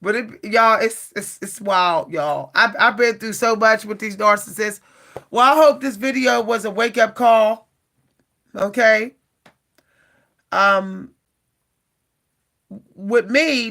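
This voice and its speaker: A woman vlogger speaks straight to her viewers in a casual, animated way. Her voice is bright and forceful, and she sounds exasperated. She often circles back and repeats herself as she vents. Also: fairly high pitch, slow, pauses often. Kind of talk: casual talk to camera.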